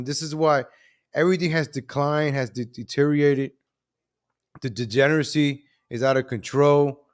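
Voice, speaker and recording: A man hosting a live commentary stream, animated and repetitive, calling out to viewers as ladies and gentlemen. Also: mid-range voice. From New York.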